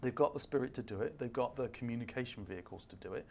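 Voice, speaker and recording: A man's voice: mid-range voice, fast talker, vocal fry, darkish tone. An older man, a guest speaker at a fireside chat, telling stories emphatically and acting out the dialogue.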